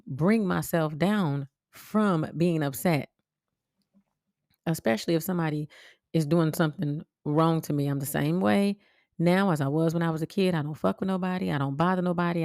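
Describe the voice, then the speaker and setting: A woman podcast host telling a personal story in a blunt, profane, animated way. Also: fairly low pitch, dry recording, clean studio sound. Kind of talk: casual storytelling monologue.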